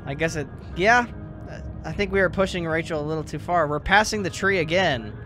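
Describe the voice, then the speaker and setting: A man's voice: fairly high pitch, brisk, music in the background. A man hosting a let's play, reacting emotionally and sympathetically as he comments on the game.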